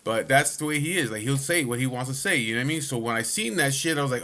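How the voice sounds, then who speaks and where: A man telling a story from his own life, blunt and loose, swearing freely and dropping filler asides as he goes. His voice sits at an ordinary middle pitch and changes with the tension of the story. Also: lively intonation, fast talker, a bit bright. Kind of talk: casual profane storytelling.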